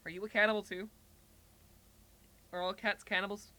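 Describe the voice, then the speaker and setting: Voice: mid-range voice, flat delivery, normal speed, pushed and bright. Playful streamer reading a story, strained throat. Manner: playful, breaks off from the story to baby-talk a pet cat. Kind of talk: reading a second-person story aloud on a livestream. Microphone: headphones and desk mic.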